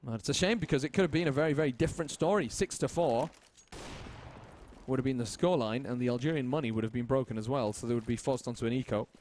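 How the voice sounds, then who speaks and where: A man casting a competitive shooter game match with fast, joking play-by-play commentary. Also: mid-range voice, a little mellow, slight background noise. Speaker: esports caster.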